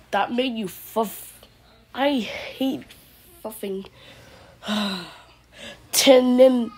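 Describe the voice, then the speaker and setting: Brief: woman, slightly high-pitched and husky, silly improvised skit voice. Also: darkish tone. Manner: silly, playful, jumps between voices. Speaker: video creator. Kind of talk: goofy improvised play-acting.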